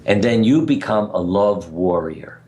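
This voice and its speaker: A man's voice: low-pitched, a little slow, mellow. An older man talking as a radio guest, telling stories in an earnest, anecdotal way and chuckling at his own tales. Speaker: guest speaker. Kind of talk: conversational storytelling interview. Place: radio interview.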